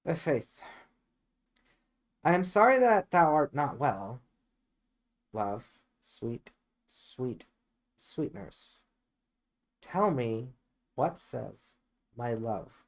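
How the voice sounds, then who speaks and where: A man's voice: mid-range voice, lively intonation, slow pace, long pauses. Juliet, a man doing her in a raised voice. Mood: pleading. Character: eager impatient young girl in love. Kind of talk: amateur Shakespeare reading.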